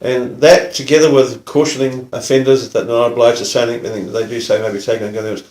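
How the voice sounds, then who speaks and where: Kiwi ex-detective telling a story in an echoey room. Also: male voice, medium pitch, fairly even intonation, darkish tone. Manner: unhurried, plain storyteller with dry humour. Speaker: former police detective. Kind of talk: casual spoken anecdote.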